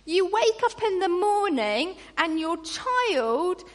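A woman preaching a sermon in an animated way, acting out grumbling voices. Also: very high voice, takes it slowly. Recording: long reverb in a large hall.

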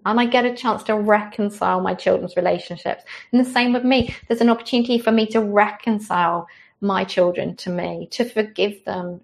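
A woman preaching a sermon with a gravelly rasp in her voice. She speaks in a mid-range pitch, earnest and conversational, and gentle in manner. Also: fairly quick.

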